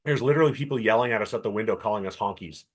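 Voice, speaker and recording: A middle-aged man from Canada, co-hosting a podcast and telling a long story with lively acted-out quotes. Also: lowish voice, rapid-fire. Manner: animated storyteller, acts out quoted voices. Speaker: podcast co-host. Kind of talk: casual chat.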